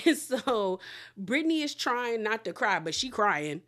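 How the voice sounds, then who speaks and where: A woman's voice: fairly high pitch, big pitch swings, unhurried, fairly bright tone. A woman hosts a casual recap of a reality show. She tells the story with big energy and acts out each quote as she goes, and her chat is loose and full of laughter.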